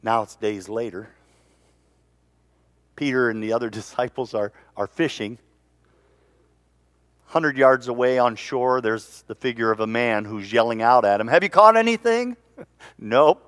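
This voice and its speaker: A man preaching a sermon in a church, telling stories with lively energy and repeating words as he goes. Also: mid-range voice, unhurried, pauses often, clear, resonant tone, no room sound. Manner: animated storytelling, repeats words. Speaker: pastor.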